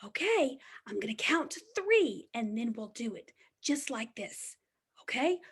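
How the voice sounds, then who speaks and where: A woman's voice: fairly high pitch, big pitch swings, slightly rough. A woman teaching preschoolers, reading a picture book aloud in a sing-song, exaggerated storytime voice with whispered asides. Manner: slow, exaggerated storytime delivery.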